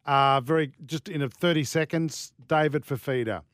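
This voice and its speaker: Man, sports radio host, brisk, dry close sound. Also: fairly high pitch, fairly bright tone, no echo. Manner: brisk, keeps the show moving. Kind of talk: casual sports radio chat.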